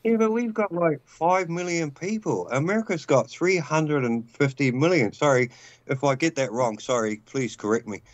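A man's voice: on the high side, normal speed, dry recording. Kiwi guy calling in, blunt and rambly, dry dull-sounding line. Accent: New Zealand. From New Zealand. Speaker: guest caller. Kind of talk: casual call-in chat.

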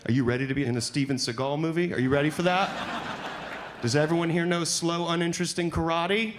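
A man doing a stand-up comedy set on a club stage, playful, often breaking into high panicked voices for his bits. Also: fast, noisy background.

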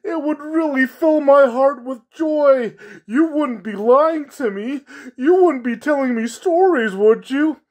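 Someone doing a whiny high sad clown. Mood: mournful. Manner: loud, whiny, drawn-out clown voice. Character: sad lonely circus clown, male.

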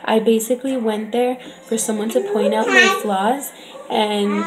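A woman's voice: fairly high pitch, steady tone, measured pace. A young woman and mother telling a chatty, upset story in a casual vlog, often asking "you know what I mean". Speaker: vlogger and mother.

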